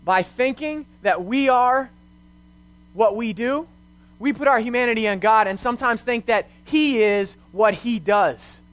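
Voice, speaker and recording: A man's voice: very high-pitched, a little slow, a bit bright. A young man, a youth pastor, preaching a sermon in an earnest storytelling way, full of rhetorical questions.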